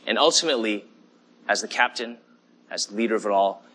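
Bright, husky-voiced man preaching. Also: on the low side, brisk. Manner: conversational preaching with fillers and "okay?" check-ins. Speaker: pastor. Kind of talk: sermon.

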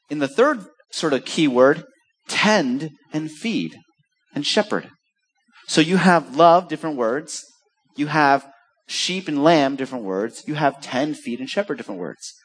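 Animated male preacher, fairly high voice. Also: husky. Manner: animated storytelling, acts out quoted voices. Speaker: pastor. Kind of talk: sermon.

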